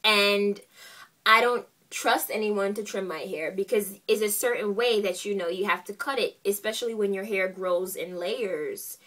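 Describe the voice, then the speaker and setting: A young woman vlogger telling a story in a casual, animated and exasperated way, full of "like"s and acted-out quotes. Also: mid-range voice, moderate pace, far from the mic.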